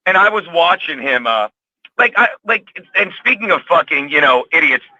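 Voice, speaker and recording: A man's voice: fairly high pitch, animated, normal speed, bright, forceful tone, no room sound, dull audio. A man on a podcast, ranting in a rambling, heated way and swearing constantly. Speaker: podcast co-host. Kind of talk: profane casual podcast chat.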